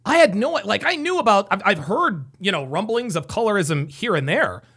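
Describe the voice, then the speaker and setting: A man hosting a live call-in dating advice stream, chatting casually and exclaiming loudly with callers. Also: high voice, very animated, normal speed, husky.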